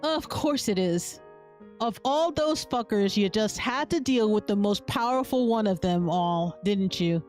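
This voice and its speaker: A woman's voice: medium pitch, expressive, unhurried, darkish tone, faint music behind, natural voice. A woman voicing Mister Dietrich, a greedy scheming male sorcerer-shopkeeper who threatens and curses, from a game. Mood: angry scolding. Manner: smug, threatening, cursing.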